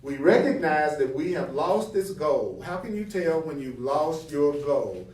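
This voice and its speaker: A man with a slightly high voice speaks at a measured pace, far from the mic in a roomy room. Teaching from a spiritual text, he reads passages aloud and explains them animatedly through rhetorical questions and acted-out example exchanges.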